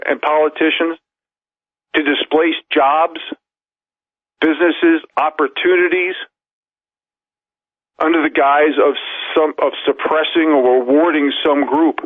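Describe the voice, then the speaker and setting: A man's voice: a little high, flat delivery, measured pace, pauses often, dry recording. A man giving emphatic talk radio news commentary, reading articles aloud and stacking up long lists of points. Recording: tinny phone-line audio, dry.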